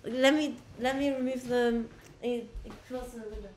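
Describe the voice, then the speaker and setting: A woman's voice: on the high side, fairly even intonation, normal speed, very noisy. A woman livestreaming casually on a laptop mic, brash and profane, bickering with her chat. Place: indoors at a laptop.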